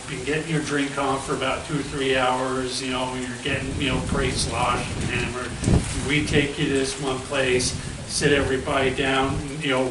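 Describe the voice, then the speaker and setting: A man of middle pitch hosts a loose, rambling interview and keeps tacking "right?" onto his sentences. He sits away from the microphone in an echoey room with a steady hiss of noise behind him. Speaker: interviewer host. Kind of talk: casual interview. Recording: echoey room, far from the mic, noisy.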